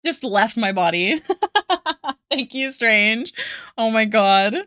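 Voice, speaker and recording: Woman art streamer, high voice, slow easy delivery, giggly and effusive. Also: lively intonation, pushed and bright, no room sound, studio quality. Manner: giggly, laughs often; effusive thanks to chat. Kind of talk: casual chat with viewers while drawing.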